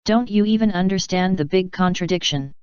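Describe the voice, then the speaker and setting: A woman voicing a frustrated human husband who speaks flatly and needles his wife, in a smooth, dry, lo-fi reading. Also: fairly low pitch, brisk, no echo, close to an everyday voice. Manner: flat, needling. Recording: dull lo-fi.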